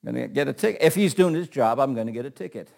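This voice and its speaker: A man's voice: medium pitch, animated, fast talker, vocal fry, darkish tone. A middle-aged man teaching an informal Bible class, talking in a loose, joking way and often repeating words.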